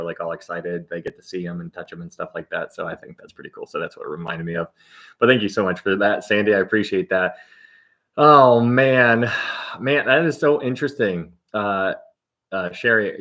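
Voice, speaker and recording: A man with a fairly low voice warms up a livestream with easy, friendly chatter. He reads out viewers' comments, thanks them for their gifts and laughs along as he talks. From Ohio, United States. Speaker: livestream host of a Bible teaching. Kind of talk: casual chat greeting live viewers.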